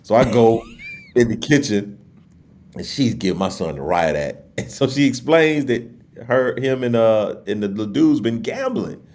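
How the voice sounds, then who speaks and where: Animated middle-aged man telling comic stories. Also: medium pitch, a little slow. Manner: animated, acts out family members in his stories. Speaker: guest comedian. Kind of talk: comic storytelling in a podcast chat.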